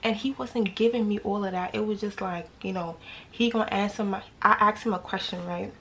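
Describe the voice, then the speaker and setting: A woman's voice: mid-range voice, steady tone, brisk, gravelly, fairly bright tone, slight background noise. A young woman with a New York accent telling a dating story casually to her viewers, slangy and full of rhetorical questions.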